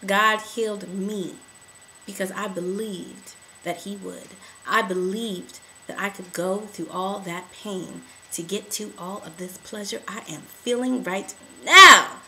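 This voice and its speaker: A woman giving an emotional testimony to camera, repeating affirmations and rising to shouts. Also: medium pitch, slow pace, low-quality recording.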